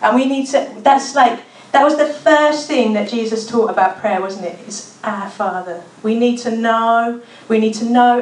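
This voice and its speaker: Brummie woman speaker, chatty preaching style, recorded from across a reverberant room. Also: a little high. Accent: Birmingham. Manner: chatty, informal, with frequent "like" and restarts. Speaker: speaker at a church gathering. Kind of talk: conversational talk on prayer. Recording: echoey room, mic at a distance.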